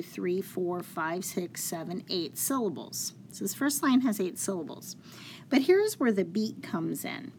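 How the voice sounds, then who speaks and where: Woman teacher, slow and patient, step-by-step poetry lesson, faint room hum behind. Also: medium pitch. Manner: patient, explains step by step, counts syllables aloud slowly.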